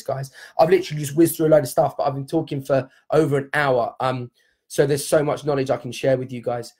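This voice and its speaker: His voice leaning high and a little mellow, a man who heads a dance company speaks to viewers on a live stream from his home during lockdown. He offers them an encouraging, upbeat motivational talk, addressing them directly.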